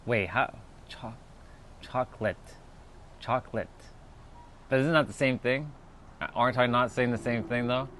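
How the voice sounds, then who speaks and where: A man at a medium pitch talks easily through a casual livestream, joking with his chat and cursing without much thought. He sounds loose and conversational, reacting to viewers as he goes. A faint hum of room ambience sits underneath. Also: normal speed, fairly bright tone. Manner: laid-back, joking, swears casually, reads chat aloud. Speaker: livestream host.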